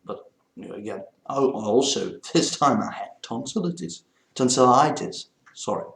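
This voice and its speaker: A man's voice: on the low side, moderate pace, vocal fry, roomy sound. A man from Belgium, a native French speaker with a Belgian French accent, rambling through a casual vlog chat. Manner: rambling, meandering talk. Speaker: vlogger.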